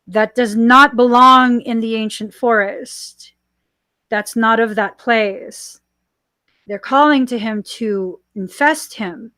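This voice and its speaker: Woman, podcast host, spiritual channeling talk, slow, earnest, repeats her warnings, dry close sound. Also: on the high side, pushed and bright, dry recording.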